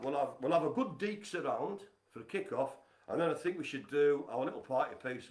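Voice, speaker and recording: A man hosting a casual live stream from home, chatty and teasing as he gives shout-outs. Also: medium pitch, echoey room. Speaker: livestream host. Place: home apartment.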